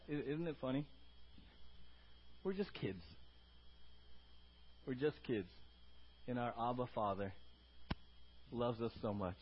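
A man preaching a sermon as a pastor. He moves between loud, emphatic teaching and soft, quiet asides, and he calls out to the congregation for responses. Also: medium pitch, takes it slowly, long pauses, slightly rough, highs cut off.

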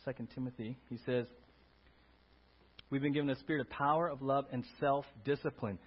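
Man, pastor, sermon, husky tone, animated and playful, muffled church recording. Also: mid-range voice, fairly quick. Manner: animated, playful, swings from quiet to loud. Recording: dull lo-fi sermon audio.

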